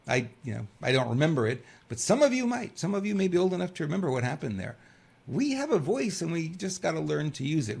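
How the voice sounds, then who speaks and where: A man's voice: medium pitch, gravelly, breathy edge. A man in his fifties from New York hosting a political commentary show, rambling and conversational with lots of fillers. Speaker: host.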